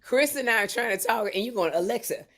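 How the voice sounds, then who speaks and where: A woman co-hosting a casual chat, animated with mock-exasperated outbursts. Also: a little high, fast talker. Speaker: co-host.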